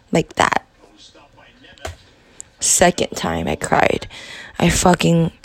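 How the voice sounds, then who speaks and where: Slow, halting young woman swearing. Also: lowish voice, vocal fry, no room sound. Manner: halting, profane storytelling with frequent restarts. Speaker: podcast host. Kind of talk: confessional monologue.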